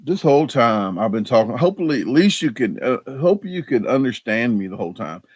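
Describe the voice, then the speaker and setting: A man's voice: medium pitch, very animated, fairly quick, darkish tone, husky, dry recording. A man hosting a casual live stream chat. He rambles, mocks himself, and restarts his sentences often. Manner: rambling, self-deprecating, frequent fillers and restarts.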